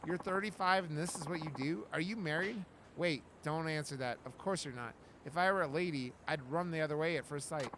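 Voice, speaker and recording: A man voicing a weary, sarcastic male game hero who mocks and sighs in a lowered voice. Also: brisk, hardly any pauses, noisy background, lightly acted. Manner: dry, mocking, exasperated.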